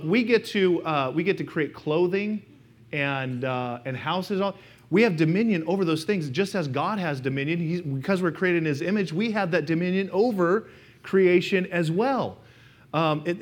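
A middle-aged pastor preaching in a church sanctuary, his voice sitting a little higher than most men's. He speaks in a loose, conversational way, mixing scripture with family stories and often turning to address the people in the pews. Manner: conversational, anecdotal, speaks directly to the congregation. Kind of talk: sermon.

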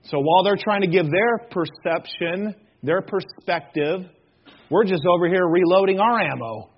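A man's voice: high voice, normal speed, husky, dull audio. A man preaching a sermon to his congregation, joking and acting out little scenes, often asking the room questions. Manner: jokey, animated storytelling with acted-out voices; addresses congregation directly with questions. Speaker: pastor.

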